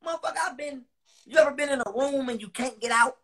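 Talking quickly, this man delivers an angry, foul-mouthed monologue to his viewers online. He says things more than once to drive them home, swinging from quiet, low stretches to loud eruptions.

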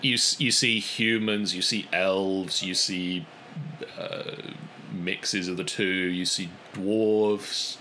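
A man narrating as dungeon master in an unhurried way, with hesitant fillers. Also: low-pitched, steady tone, bright, forceful tone, slight background noise, rough recording. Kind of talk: narrating a tabletop game.

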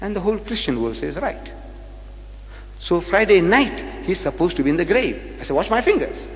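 Animated man lecturing in a hall. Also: high-pitched, brisk. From South Africa. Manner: dramatic, rhetorical, questions the audience and acts out debates. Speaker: public lecturer. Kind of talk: religious debate lecture. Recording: live hall recording with long reverb.

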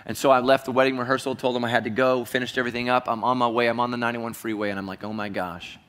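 A man preaching a sermon as pastor, telling a personal story earnestly and dropping to a hushed voice at heavy moments. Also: medium pitch, level tone, racing, big-room sound.

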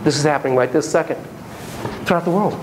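A man giving a university lecture on psychotherapy, animated and profane, telling stories and acting out voices and sound effects. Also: a little high, quick pace, noisy background. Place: lecture room.

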